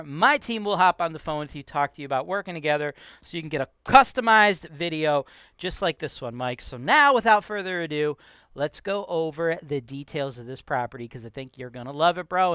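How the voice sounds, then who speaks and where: A Cleveland, Ohio man with a local accent hosts a real estate show as a casual ranting vlog, brash and profane, repeatedly asking "right?" His voice is on the high side, pushed and bright, with a clean tone and no echo.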